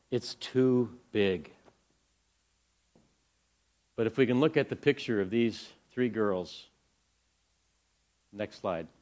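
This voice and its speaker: Low-voiced man telling an inspiring story. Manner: earnest storyteller, swings from hushed to excited. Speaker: ministry speaker presenting to a church audience.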